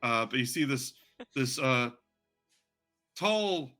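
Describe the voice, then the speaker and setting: A man's voice: mid-range voice, lively intonation, slow pace, bright, forceful tone, soft background music. A man narrating as game master of a tabletop role-playing game, in a loose, chatty way full of fillers.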